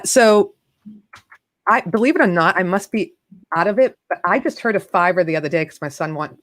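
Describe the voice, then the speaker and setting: Chatty woman hosting a live stream. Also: fairly low pitch. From Massachusetts. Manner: chatty, self-deprecating, restarts often. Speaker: show host. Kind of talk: casual live-stream chat.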